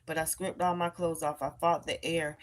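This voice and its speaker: A woman chatting on a live stream from home, telling a personal story in an emphatic, animated way and addressing her viewers as y'all. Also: sits low, moderate pace. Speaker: live-streamer and tarot reader.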